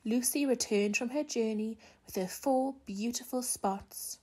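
A woman reads a children's picture book aloud at a slow, gentle pace, expressive throughout. Her voice sits slightly high, with a mellow tone and a breathy edge. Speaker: children's storyteller.

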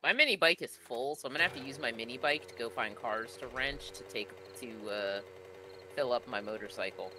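A man's voice: mid-range voice, brisk, sharp tone, slight background noise. A laid-back man chatting and swearing casually while playing a co-op game with a friend. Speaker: gamer. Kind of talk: casual co-op gaming chat.

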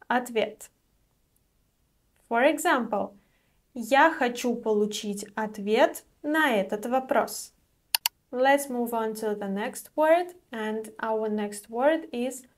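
A woman giving a language lesson, saying each word twice and spelling out how the stress falls. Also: a little high. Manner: repeats each word slowly with clear stress. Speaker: Russian language teacher. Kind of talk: slow, careful vocabulary lesson.

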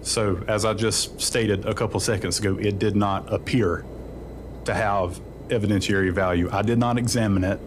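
A man testifying in court, giving slow, deliberate answers. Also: lowish voice, fairly even intonation, noisy background. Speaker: witness.

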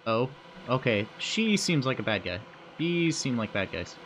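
A man's voice: medium pitch, sing-song, a little slow, a bit bright, slight background noise. A man streaming a game live, chatting and joking to himself as he plays, easily spooked. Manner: chatty, jokey reactions to a horror game, prone to startled yelps. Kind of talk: live gameplay commentary. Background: game music.

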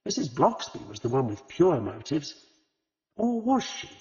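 A man narrating a mystery audiobook with expressive storytelling. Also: a little high, measured pace. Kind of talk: scripted narration. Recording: dull lo-fi audio with long reverb.

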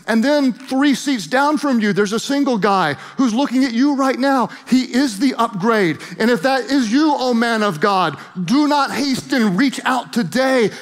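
A man's voice: extremely high pitch, animated, a little slow, hardly any pauses. A middle-aged man preaching a sermon as pastor, playful and emphatic, joking with the congregation in a church. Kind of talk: humorous energetic sermon. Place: church auditorium.

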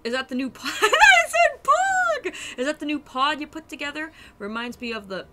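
A woman's voice: high voice, quick pace, heavy background noise. A young adult woman streaming a game, chatting casually and animatedly with her viewers and laughing often.

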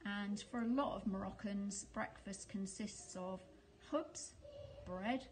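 A woman's voice: mid-range voice, slow pace, a little mellow, poor audio. Woman from the UK, casual vlog talk, hesitant, lots of ums, faint background hum. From United Kingdom. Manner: chatty, hesitant with frequent ums. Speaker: vlogger.

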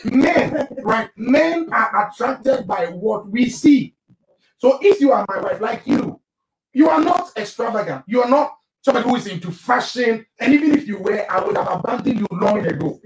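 A man's voice: very high-pitched, animated, normal speed, a little hiss or hum. A male pastor hosting a live marriage broadcast, speaking emphatically and preaching straight to his listeners. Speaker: pastor and marriage show host. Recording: roomy, distant mic.

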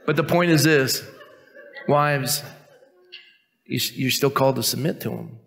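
Joking pastor in a reverberant church hall. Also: male voice, measured pace. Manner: joking, self-mocking asides between earnest teaching; drops to a quiet, low, intense tone for stern points. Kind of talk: sermon. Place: church sanctuary.

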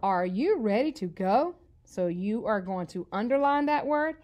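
A woman's voice: medium pitch, expressive, a little mellow. A woman teaching an early reading lesson to young children, spelling out words letter by letter in an upbeat, encouraging way. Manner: slow, clear spelling out of letters.

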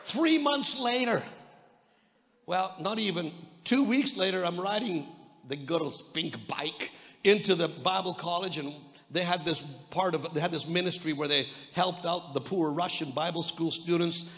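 A Canadian man in the pulpit, high in pitch, preaching an energetic sermon. He tells stories, acts out other people's lines, and trips over his words as he goes. His voice rings with the long reverb of a large church hall. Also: unhurried. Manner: energetic preaching with repeated restarts and stammers; storytelling, quoting voices of others. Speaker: pastor.

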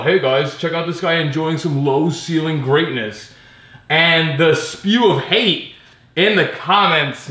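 A man talks through a loose, ranting vlog, sarcastic and quick to swear or laugh. His voice sits a little high and sounds bright and forceful. The room around him rings with a noticeable echo. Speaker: pinball vlogger. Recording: roomy echo.

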